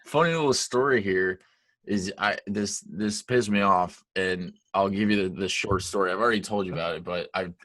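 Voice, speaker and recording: A man co-hosting a casual podcast, telling animated stories with frequent laughs and swearing freely. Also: low-pitched, moderate pace, dry recording. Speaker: podcast co-host. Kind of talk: casual chat.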